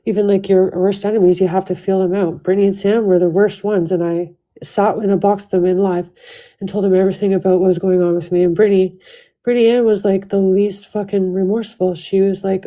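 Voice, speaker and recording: A woman's voice: mid-range voice, fairly even intonation, warm tone, low-quality recording. A woman venting angrily and swearing a lot on her own livestream, talking straight into her phone. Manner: profane, venting, fast restarts. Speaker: livestream host. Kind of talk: heated livestream rant.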